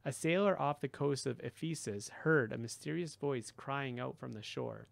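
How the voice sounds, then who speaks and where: A man's voice: medium pitch, normal speed, gravelly, no room sound. A man voicing Grover, an earnest young satyr. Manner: mournful, turns indignant. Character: earnest young male satyr, gentle and idealistic.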